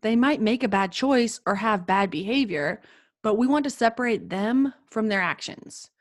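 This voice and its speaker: A woman co-hosting a podcast for teachers, giving warm advice and acting out kind phrases meant for children. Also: on the high side, animated, moderate pace.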